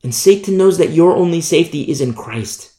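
A man's voice: a little high, animated, brisk, warm tone. A man preaching a sermon emphatically, driving points home with repetition. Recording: echoey room.

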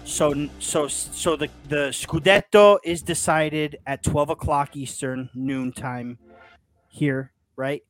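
An enthusiastic man co-hosts a casual football podcast in a slightly higher voice. He tells stories with animated energy. Faint music plays quietly under his voice. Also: slow. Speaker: podcast co-host.

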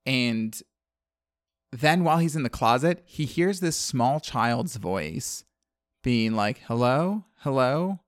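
Taking it slowly, an animated man recaps a movie as a podcast co-host, casually chatting and acting out characters' lines. His voice is mid-range, with clean studio sound and no echo.

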